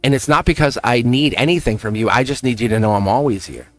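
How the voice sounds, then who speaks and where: Over soft background music, the man running this tarot reading stream talks fast in a mid-range voice. He keeps things casual and upbeat, cheering viewers on and laughing often.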